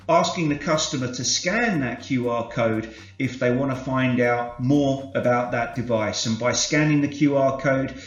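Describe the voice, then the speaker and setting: A man from the UK leading a corporate sales training session, explaining concepts in a measured way and varying his inflection to demonstrate. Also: mid-range voice. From United Kingdom. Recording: roomy, slightly dull, soft music behind.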